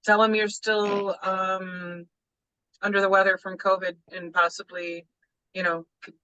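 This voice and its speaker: A woman leading a reading group over a video call sounds sleepy and relaxed, yawning now and then. Her voice is bright and close, with no room echo. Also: medium pitch, measured pace, highs cut off. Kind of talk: casual online group chat.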